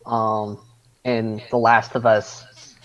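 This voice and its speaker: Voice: mid-range voice, flat delivery, drawn-out words, fairly bright tone, muffled recording. A player explaining something thoughtfully in a casual chat on a video call.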